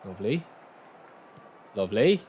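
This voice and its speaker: A young man chatting casually and commentating live on his own football game, bursting into excited shouts at big moments. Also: fairly low pitch, measured pace, slight background noise. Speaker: game streamer.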